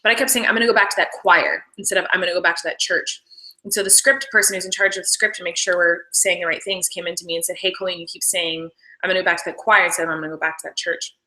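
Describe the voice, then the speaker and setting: A woman's voice: lowish voice, steady tone, racing, bright, forceful tone, poor audio. A young woman casually chatting about filming her show, rambling with lots of "like"s. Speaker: actress commenting on her show. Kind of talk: casual behind-the-scenes commentary.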